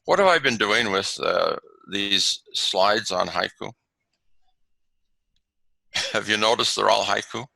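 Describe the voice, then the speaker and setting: A man gives a lesson from slides over a video call, talking in halting bursts full of fillers. His voice is gravelly and bright with a lot of movement in the pitch, and the sound is dry and close. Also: expressive, dry recording, rough recording. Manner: halting, many fillers and restarts. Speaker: webinar presenter on haiku.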